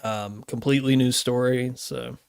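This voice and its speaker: A man's voice: mid-range voice, steady tone, moderate pace, gravelly, a little mellow, clear, resonant tone, no echo, studio quality. A man co-hosting a podcast in casual chat, laid-back, swearing freely and laughing often. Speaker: podcast co-host.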